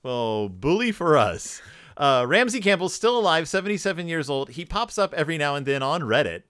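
A man's voice: fairly high pitch, big pitch swings, a little fast, a bit bright, clean tone, no echo, clean studio sound. A man co-hosting a podcast, chatting casually about books in a rambling, playful, joking way. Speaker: podcast co-host. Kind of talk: casual book chat.

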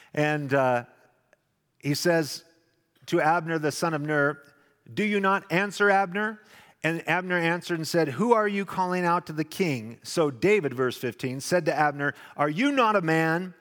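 A man preaching a sermon, dramatic, acting out the quotes loudly and then dropping to a hush. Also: on the high side, a little slow. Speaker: pastor. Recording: long echoing reverb of a large hall.

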